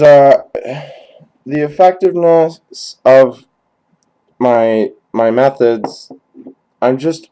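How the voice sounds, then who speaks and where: A young man drawls through a deadpan comedy monologue, halting and stumbling over his words. He swears freely in a dry, unhurried voice of middle pitch, as if thinking aloud. It sounds like a cheap webcam recording. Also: poor audio. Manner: dry, halting, crude and profane. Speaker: comedy sketch performer. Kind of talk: deadpan rambling character monologue.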